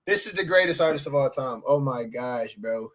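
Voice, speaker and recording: A man's voice: mid-range voice, expressive, normal speed, a bit bright, slight background noise. A man reacting live on a stream, hyped and slangy, repeating himself and out of breath.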